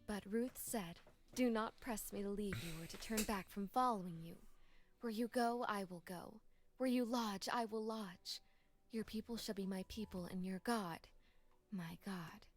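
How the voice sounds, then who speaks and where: A woman voicing an earnest young woman in a game, gently persuading a friend and reciting scripture. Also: mid-range voice, a little slow, close to an everyday voice. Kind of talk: video game voice acting.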